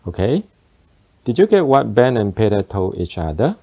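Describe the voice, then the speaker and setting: A man teaching beginner German phrases, explaining slowly and deliberately. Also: on the low side, very animated, gravelly, mellow. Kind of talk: beginner language lesson.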